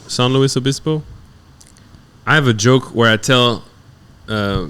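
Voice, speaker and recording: A man with a French accent, a guest comedian telling animated stories on a podcast and acting out other people's voices. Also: fairly low pitch, clear, resonant tone. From France. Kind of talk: casual podcast storytelling.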